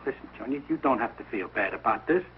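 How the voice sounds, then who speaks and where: An actor playing an excitable, sentimental working-class father in a 1940s radio sitcom, lively and self-pitying. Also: medium pitch, fast talker, crowd noise, close to an everyday voice. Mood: hurt. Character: blustering, sentimental working-class family man. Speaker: father of the household. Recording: dull old radio broadcast with faint hiss.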